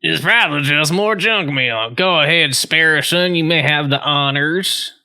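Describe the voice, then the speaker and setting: A man's voice: on the high side, measured pace, bright, forceful tone, clean tone, exaggerated voice. A man voicing a lazy, pompous bird lawyer in a let's play, with a put-on French accent and a drawling, theatrical delivery. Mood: languid.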